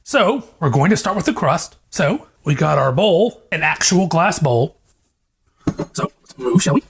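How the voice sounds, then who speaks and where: Fairly high in pitch, creaky and husky, he speaks unhurriedly but with lively intonation. The young man hosts a relaxed home cooking vlog, rambling, joking and swearing on a lavalier mic in his kitchen, the fridge humming in the background.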